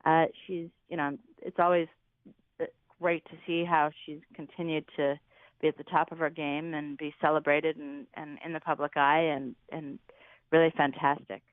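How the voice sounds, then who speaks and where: A woman's voice: sits low, little pitch movement, moderate pace, no echo. Woman on a tinny phone line. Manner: rambling, searching for words. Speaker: guest musician. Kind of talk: casual interview chat.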